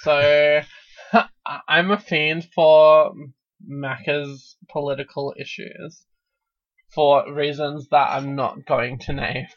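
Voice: mid-range voice, flat delivery, slow pace. Sweary podcast co-host, lo-fi. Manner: crude, sweary and laughing. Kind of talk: casual chat. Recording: dull lo-fi recording.

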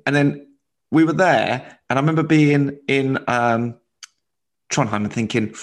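A man's voice: medium pitch, brisk. Man telling a touring anecdote. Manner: anecdotal storytelling with laughs. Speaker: stand-up comedian. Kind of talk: casual chat.

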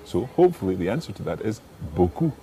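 A man hosting a podcast language lesson, patiently giving English phrases and repeating the answers slowly and clearly. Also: low voice, sing-song. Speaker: language teacher host.

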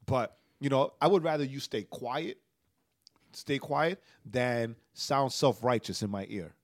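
Man pastor, mid-pitched, dry and close, tearful and earnest as he tells his story. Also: measured pace, no room sound. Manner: earnest storytelling, keeps asking "right?". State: emotional, tearful. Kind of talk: casual podcast conversation.

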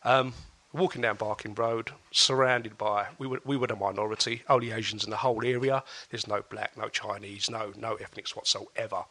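A man, a podcast guest telling a story in casual chat, animated and laughing often. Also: lowish voice, normal speed, few pauses. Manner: animated, acts out quoted voices, laughs often.

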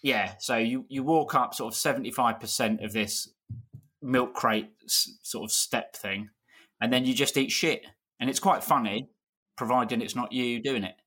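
Man, mid pitch, dry self-mocking humour, casual podcast talk. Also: moderate pace, bright, forceful tone, slightly rough. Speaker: podcast co-host.

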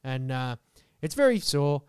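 High-voiced swearing podcast man. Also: unhurried, clean tone. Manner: profane, animated storytelling. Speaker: podcast co-host. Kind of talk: casual podcast banter.

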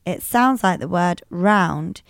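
A woman's voice: medium pitch, moderate pace, dry recording. Brit woman podcast co-host, casual and agreeable, dry close mic. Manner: agreeable, chatty. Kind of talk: casual chat.

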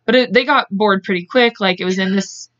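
A woman hosting a podcast, retelling a case in casual chat, acting out quotes in quick voices and speaking bluntly. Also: medium pitch, fairly bright tone, dull audio. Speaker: podcast host. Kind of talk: casual true-crime storytelling.

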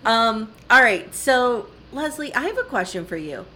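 Lively-voiced woman podcast co-host. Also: a little high, unhurried, a little hiss or hum. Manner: blunt, swears, laughs often. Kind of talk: casual recap chat.

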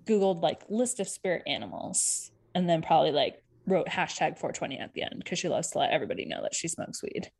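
A woman co-hosting a podcast, chatting casually and recapping a reality show with quick asides and laughter. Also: fairly low pitch, animated, vocal fry, darkish tone. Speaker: podcast co-host.

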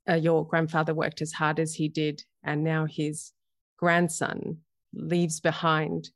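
A woman hosts an interview in a gentle, measured, supportive way. Her voice carries a gravelly fry. The recording is dry and close. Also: deep voice, no echo. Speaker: podcast host. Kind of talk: interview conversation.

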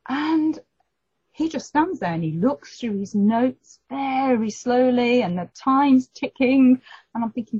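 A middle-aged woman, telling a personal story in an interview and lively acting out the voices of the people in it. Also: high-pitched, slow, breathy edge, dry recording. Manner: animated storyteller, acts out quoted voices. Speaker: guest telling her story. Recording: dull lo-fi recording.

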